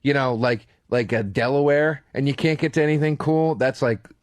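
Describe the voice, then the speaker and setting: A man's voice: mid-range voice, normal speed, no room sound, studio quality. A man with an American accent, co-hosting a podcast, telling a story in a casual chat, acting out the people in it and swearing freely. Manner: animated, acts out people in his stories, swears. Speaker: podcast co-host.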